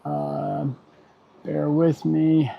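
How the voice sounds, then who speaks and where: This middle-aged man, a car technician, talks extremely slowly in a monotone, his slightly high voice creaky. He mutters while working on a livestream, gets irritated easily, and makes dry jokes, all over dull, lo-fi stream audio.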